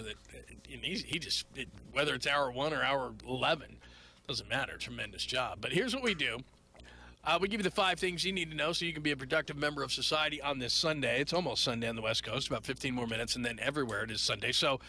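A man's voice: mid-range voice, a little fast, creaky, sharp tone, slight background noise. A man hosting late-night sports radio, rambling and joking in loose asides. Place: radio studio. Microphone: studio microphone.

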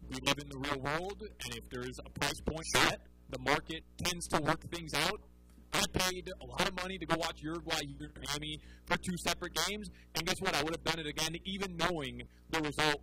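Bright, forceful male sports-bet analyst, quick casual chatter with restarts. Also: on the high side, low-quality recording. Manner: chatty, animated, frequent restarts. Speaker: soccer betting analyst guest. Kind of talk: casual podcast chat.

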